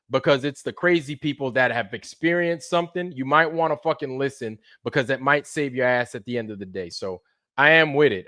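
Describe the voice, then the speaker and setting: A man streaming live, ranting in a heated, profane way, repeating himself and swinging between low mutters and loud outbursts. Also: no room sound, studio quality. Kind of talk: heated livestream rant.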